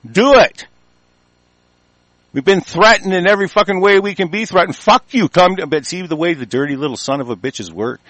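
A man delivering an angry, heated political rant full of profanity, with sudden louder bursts. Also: high voice, fast talker, few pauses, no room sound.

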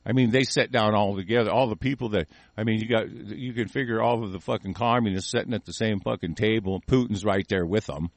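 A man's voice: on the low side, fast, no room sound. A man hosting a call-in show, delivering an angry, profane political rant in heated bursts.

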